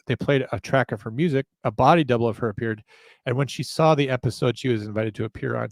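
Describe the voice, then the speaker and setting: Male podcast host, gravelly, self-deprecating rambler, dry close recording. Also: mid-range voice, a little mellow, dry recording. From northern United States. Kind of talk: casual chat.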